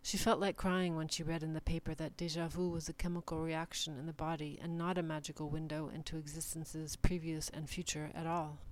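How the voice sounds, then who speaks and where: A woman giving a measured, deliberate reading of short numbered literary passages. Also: low voice, a little mellow. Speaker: reader.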